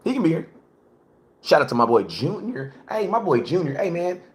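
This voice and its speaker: A slangy livestream host chats casually about sports while cooking at home, streaming from his phone. His voice is a little high and sing-song, and he repeats himself and slows words down for emphasis.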